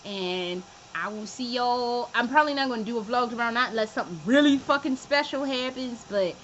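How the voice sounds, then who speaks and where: A woman's voice: a little high, brisk, a bit bright, lo-fi sound, slight background noise. A young woman chatting casually in a home vlog, profane and often laughing. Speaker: vlogger. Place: room at home.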